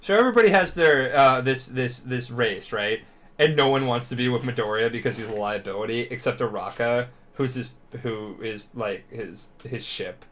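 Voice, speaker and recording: A drunk young man rambling through a profane, animated retelling as a podcast co-host. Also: mid-range voice, moderate pace.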